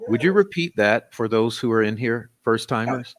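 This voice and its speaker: A man's voice: medium pitch, animated, normal speed. A man hosting a casual talk stream, chatting conversationally and addressing his viewers. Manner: conversational, talks to his chat. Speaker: host. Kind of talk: casual chat.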